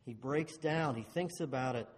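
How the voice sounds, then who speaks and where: A man preaching a sermon, swinging between loud emphasis and hushed low phrases, and asking the listeners rhetorical questions. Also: moderate pace. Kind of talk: expository sermon. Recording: long hall reverb.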